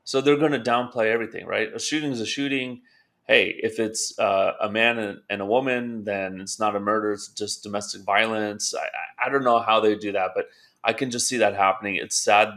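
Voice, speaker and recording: A man's voice: lowish voice, fairly even intonation, a little fast, a bit bright. A man co-hosting a political talk show, explaining his views steadily and asking rhetorical questions. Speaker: podcast co-host. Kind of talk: political commentary chat.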